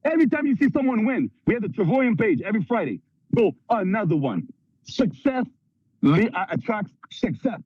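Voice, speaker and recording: A man from Canada giving an energetic motivational talk at a sales training, acting out little skits in put-on voices. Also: high-pitched, normal speed, husky, no room sound, muffled recording.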